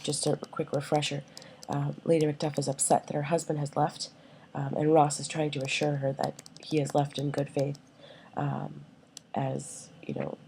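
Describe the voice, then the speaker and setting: A woman's voice: sits low, vocal fry, mellow, a little hiss or hum, rough recording. A woman teacher giving a recorded class lecture, explaining with many fillers and checking that her listeners follow.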